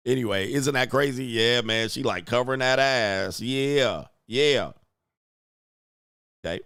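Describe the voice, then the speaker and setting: A man's voice: medium pitch, takes it slowly, long pauses, fairly bright tone, clear, resonant tone, dry recording, studio quality. A man commenting bluntly and crudely on a video clip while streaming, laughing often.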